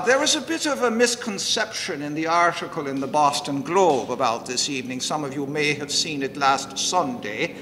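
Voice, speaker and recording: A man from the United States who puts on an Irish accent that drifts toward American, joking about himself as he introduces his reading. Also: pushed and bright. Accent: put-on Irish, drifting toward American. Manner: self-deprecating, joking storyteller. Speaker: guest poet. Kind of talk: chatty introduction at a poetry reading. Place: library room with long reverb. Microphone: standing mic. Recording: reverberant hall with faint rumble.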